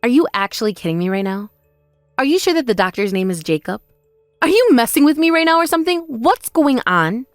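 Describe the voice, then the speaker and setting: A woman voicing a wronged older sister who answers in a measured, pointed way in a text-message story drama. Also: mid-range voice, sing-song, no echo, studio quality, soft background music, natural voice. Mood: startled. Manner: measured, pointed, quietly sarcastic.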